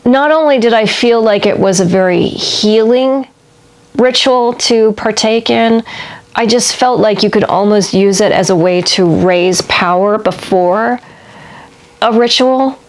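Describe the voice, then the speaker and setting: A woman's voice: mid-range voice, a little slow. A woman talking through a book she read in a casual vlog, reflective and meandering, often laughing at herself. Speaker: book reviewer.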